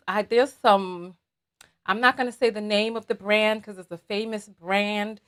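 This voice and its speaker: A woman hosting a livestream, chatting animatedly and talking straight to her viewers. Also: mid-range voice. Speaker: host. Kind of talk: livestream commentary chat.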